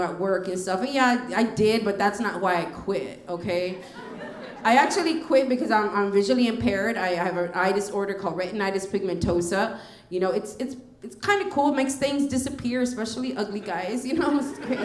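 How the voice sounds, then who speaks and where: A woman's voice: medium pitch, reverberant. A middle-aged woman from Texas doing a stand-up comedy set on a club stage, telling stories and acting out the dialogue. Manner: animated storytelling, acting out dialogue. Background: audience laughter.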